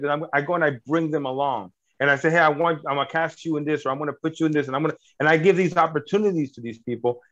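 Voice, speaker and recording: A middle-aged filmmaker talks in a casual interview, earnest and meandering, full of fillers and restarts. His voice sits a little high. The audio is dull and lo-fi. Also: fairly bright tone. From United States. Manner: earnest, rambling with many fillers and restarts, laughs at himself. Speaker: filmmaker and actor.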